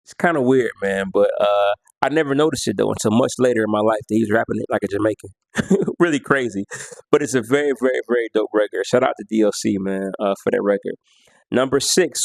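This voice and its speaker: A man's voice: medium pitch, gravelly, darkish tone, dry recording. A man counting down his favorite songs in a casual, slangy way, half-singing lyrics and beats as he goes. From United States. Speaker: music vlogger.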